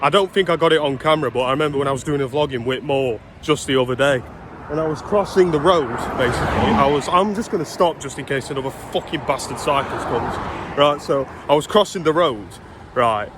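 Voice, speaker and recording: A man's voice: fairly high pitch, fairly quick, noisy background. Ranting young British man on street. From Britain. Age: 20s. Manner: swearing, exasperated storytelling. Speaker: vlogger. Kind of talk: casual ranting vlog. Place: outdoors walking along a street.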